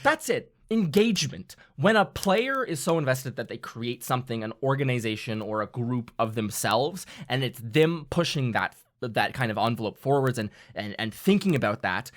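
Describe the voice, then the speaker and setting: A man hosting a casual podcast chat about running a tabletop game, excitable and animated, often acting out quotes. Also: mid-range voice, moderate pace, hardly any pauses. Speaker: dungeon master and podcast host.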